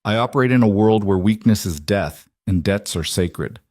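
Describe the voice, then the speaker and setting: A man voicing a cold, commanding middle-aged crime boss with an Italian accent, speaking deliberately and with quiet menace. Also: fairly low pitch, expressive, no room sound, clean studio sound, natural voice. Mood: menacing.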